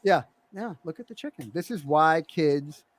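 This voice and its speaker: Middle-aged guy on a podcast, lively storyteller doing his kids' voices, dry close sound. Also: a little high, moderate pace, no echo. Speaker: podcast co-host. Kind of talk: casual chat, telling a family story.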